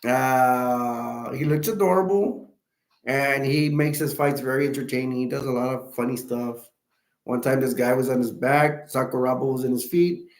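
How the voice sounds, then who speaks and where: A man hosting a live stream chats in a halting, rambling way, restarting and correcting himself often, and he has hiccups. His voice is mid-range and the sound is reverberant.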